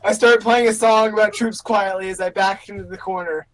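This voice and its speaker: A man playing a tabletop game over a video call, stating his character's actions plainly and quickly. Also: high voice, fairly even intonation. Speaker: player. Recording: faint background noise.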